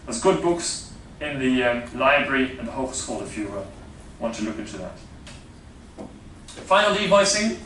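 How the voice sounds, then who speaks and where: A man's voice: mid-range voice, expressive, moderate pace, pauses often, fairly bright tone, slight background noise. A man with a Dutch accent giving a classroom lecture on phonetics, explaining step by step with many fillers and frequent checks of "yeah?". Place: lecture room. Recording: echoey lecture room from a distance.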